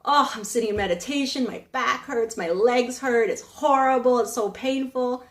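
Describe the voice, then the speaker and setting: Woman doing a whiny young trainee monk, high voice, roomy echo. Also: normal speed, lightly acted. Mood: complaining.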